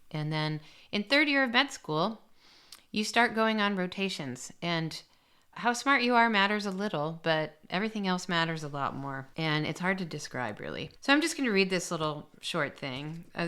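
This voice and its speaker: A woman who is an aesthetic medicine doctor and podcast host candidly shares a personal story, reflectively reading portions of it aloud. Her voice is low and smooth with a sharp tone.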